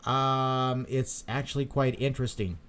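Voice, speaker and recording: A man's voice: mid-range voice, fairly even intonation, measured pace, fairly bright tone, clear, resonant tone. A man hosting a live stream, chatting casually and reading out viewer comments, rambling with many repeated words and fillers. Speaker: crypto channel host.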